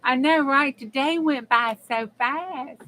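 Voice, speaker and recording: A woman's voice: high-pitched, slow, pushed and bright, a little hiss or hum, rough recording. A woman hosting a casual live crafting chat, chatty and blunt, swearing freely and talking straight to her viewers. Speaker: crafting channel host.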